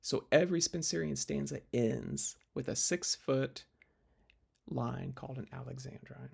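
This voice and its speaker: A man's voice: mid-range voice, unhurried, creaky, darkish tone, slightly rough. A man teaching literature in a recorded lecture video, explaining step by step with fillers and restarts.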